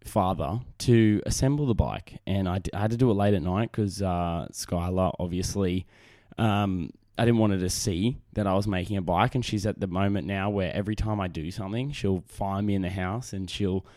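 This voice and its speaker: Low-pitched and dark in tone, a young Australian man hosts a casual podcast solo at a moderate pace. He is rambling and self-deprecating, with frequent restarts and fillers, recorded dry and clean in studio via an on-camera desk microphone.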